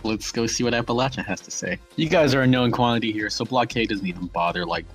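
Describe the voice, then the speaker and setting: A man's voice: mid-range voice, quick pace, slightly rough, soft background music, poor audio. A man narrating as game master in a casual, chatty way, full of fillers. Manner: casual, laughing, lots of fillers.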